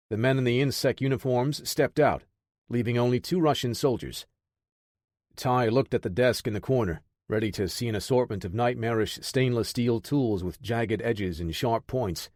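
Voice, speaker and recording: A man reading a military action audiobook in steady, measured storytelling. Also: mid-range voice, dry recording, studio quality. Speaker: audiobook narrator. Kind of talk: scripted audiobook narration.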